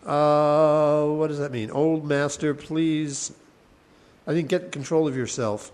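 A man teaching a class on verse, thinking aloud with many restarts and chanting lines slowly. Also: on the high side, fairly even intonation, a little mellow. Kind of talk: class lecture on Sanskrit poetics.

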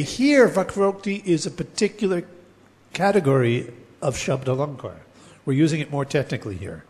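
A man teaching a lecture on poetics, explaining terms step by step and chanting verses slowly. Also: on the high side, a little mellow, in a large hall.

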